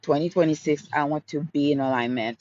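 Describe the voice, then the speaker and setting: A man hosting a live question-and-answer stream, speaking in a slow, soothing, affirming way. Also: a little high, steady tone, darkish tone. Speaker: livestream host. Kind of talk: motivational live Q&A. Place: outdoors. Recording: dull lo-fi sound, street noise.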